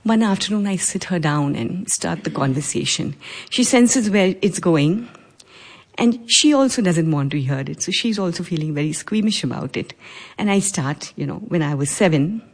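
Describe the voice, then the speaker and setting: A middle-aged woman from India telling a personal story live on stage, measured and earnest, with pauses. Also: mid-range voice, animated, a little mellow. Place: stage before a live audience.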